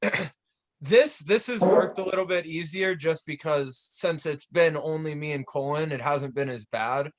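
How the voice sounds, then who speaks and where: A young man with a high voice co-hosts a loose, laughing podcast chat. He swears freely and acts out quoted lines as he tells stories. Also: moderate pace, slight background noise. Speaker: podcast host. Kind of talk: casual chat.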